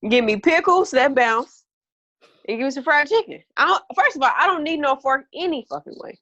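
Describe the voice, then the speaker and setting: A woman's voice: high voice, expressive, fairly quick, a bit bright, lo-fi sound. A woman co-hosting a casual podcast chat, speaking in a blunt, laid-back banter. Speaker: podcast co-host.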